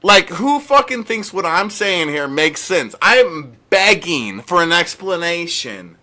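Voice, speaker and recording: Sarcastic ranting male streamer, bright voice. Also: sits high, big pitch swings, slow, hardly any pauses. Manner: sarcastic, heated, mock-pleading. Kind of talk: live-stream rant to chat.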